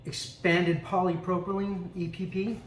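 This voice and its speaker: Guy unboxing stuff at home, kinda high voice, talks loose with lots of ums, roomy echo. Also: a little slow. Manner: chatty, relaxed, with frequent ums and asides. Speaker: vlogger unboxing a coffee maker. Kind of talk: casual unboxing commentary. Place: home room with a dog. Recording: echoey room, distant mic, noisy background.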